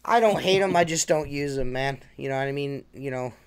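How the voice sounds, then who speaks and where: A man's voice: medium pitch, a little fast, smooth. A man who cleans windows, chatting casually on a podcast, joking, teasing and swearing. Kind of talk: casual chat.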